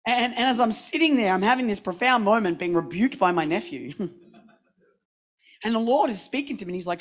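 Animated woman preaching with lively pitch. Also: normal speed, husky. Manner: animated, acts out voices in anecdotes. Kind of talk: sermon with storytelling.

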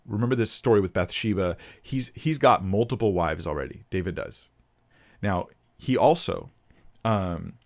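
Low-voiced man teaching scripture. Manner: thinks aloud, restarts, reads scripture passages with emphasis. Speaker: Bible teacher answering viewer questions. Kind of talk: casual teaching Q&A.

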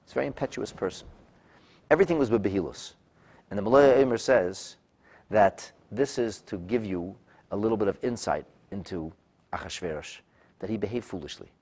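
Guy with a lowish voice teaching a text class, lots of restarts, gets loud when he acts out the quotes. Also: brisk. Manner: animated, acts out quoted speakers with sudden loud bursts; frequent restarts and repeated words. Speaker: Torah teacher. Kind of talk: text-study lecture.

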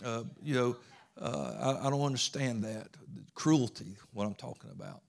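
A man's voice: medium pitch, normal speed, vocal fry. A middle-aged man with a Georgia Southern accent preaching a sermon in an earnest, folksy way, often repeating words.

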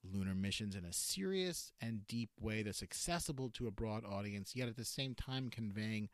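A man giving an unscripted spoken review, halting often with fillers and correcting himself mid-sentence. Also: fairly low pitch, expressive, no room sound, studio quality. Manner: halting, many filler words and self-corrections.

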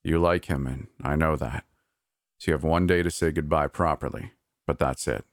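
A man voicing an anxious adult male park manager who speaks in a hushed, halting, pleading way. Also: extremely low pitch, fairly even intonation, dry recording, clean studio sound.

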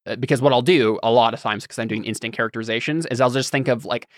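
A man's voice: medium pitch, fast talker, dry recording, clean studio sound. A man hosting a casual podcast chat and talking about running games, explaining in long, loose thoughts. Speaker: podcast host and game master.

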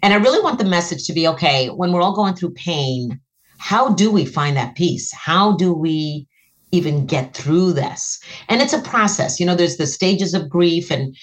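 A middle-aged woman with a low voice shares a deeply personal story as a guest. She speaks earnestly and with feeling, and her voice leaps upward when a moment grips her. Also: moderate pace. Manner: earnest, animated, rises sharply when reliving moments. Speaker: guest, author.

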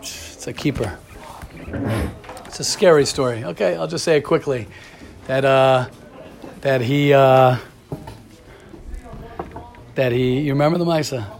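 A man teaching a religious study class in a casual, animated lecture, telling stories and calling on students by name. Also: mid-range voice, slight background noise.

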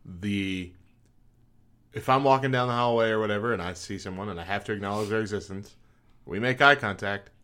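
A man's voice: on the low side, fairly quick, sharp tone. A man co-hosting a podcast in casual chat, chatty and self-mocking and laughing often. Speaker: podcast co-host.

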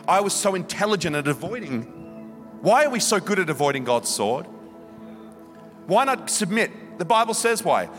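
A man in his thirties preaching a sermon, confessional and impassioned, swinging between quiet asides and loud pleading. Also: a little high. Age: 30s. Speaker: guest preacher. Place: church hall. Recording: long hall reverb.

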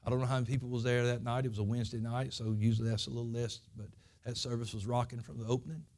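A man's voice: medium pitch, flat delivery, rapid-fire, darkish tone. A man preaching a Sunday school lesson, telling his own testimony in folksy, earnest, plain country speech. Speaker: pastor.

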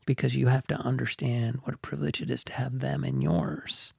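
A man's voice: mid-range voice, very animated, brisk, gravelly, darkish tone, husky, no echo, studio quality. A man co-hosting a podcast in casual chat, reflective and meandering, often trailing off mid-thought. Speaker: podcast co-host.

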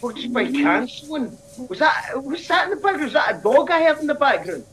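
A man's voice: very high-pitched, big pitch swings, a little fast, a bit bright, rough recording. A man making a comic complaint call, exasperated and ranting, repeating himself. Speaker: caller.

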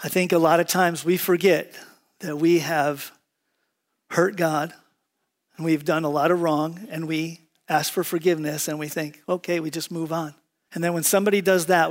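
High-voiced pastor preaching conversationally. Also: male voice. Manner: conversational, joking, animated quoting. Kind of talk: sermon with prayer and humorous stories. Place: church sanctuary with congregation.

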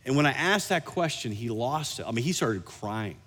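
A man preaching a sermon, telling a personal story in an animated way and slowing down for emphasis. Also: medium pitch, slightly rough. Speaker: pastor. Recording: reverberant hall.

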